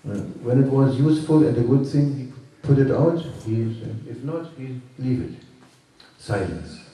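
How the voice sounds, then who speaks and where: A man telling a teaching story to a workshop group, halting and repeating himself, with moralizing asides. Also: mid-range voice, lively intonation, dark tone. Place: workshop room. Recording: echoey room from far off.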